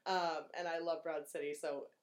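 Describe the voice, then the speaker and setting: A woman's voice: low voice, level tone, moderate pace. A woman chatting casually about a film, easygoing and laughing along.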